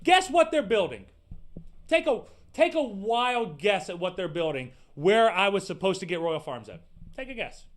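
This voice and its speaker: A man hosting a podcast, delivering an animated, profane, sarcastic rant in casual slangy talk. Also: sits high, normal speed. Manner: animated, profane, exasperated ranting. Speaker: podcast host. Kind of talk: casual ranting monologue.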